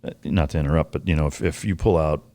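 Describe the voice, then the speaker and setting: A man's voice: very deep voice, steady tone, quick pace, mellow. A man hosting a podcast in casual interview chat, laid-back, with short agreements and casual swearing. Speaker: podcast host.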